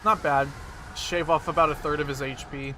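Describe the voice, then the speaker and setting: A man's voice: fairly high pitch, steady tone, moderate pace, pushed and bright, a little hiss or hum. A man streaming a game, chatting casually, swearing and putting himself down as he plays. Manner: self-deprecating, swears a lot, frustrated outbursts. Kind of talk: casual gameplay commentary.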